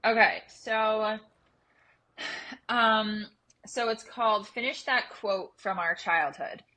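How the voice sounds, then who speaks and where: A young woman co-hosting a casual podcast, animated and laughing often as she tells stories and runs a game. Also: medium pitch, slow pace, low-quality recording. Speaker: podcast co-host running a game.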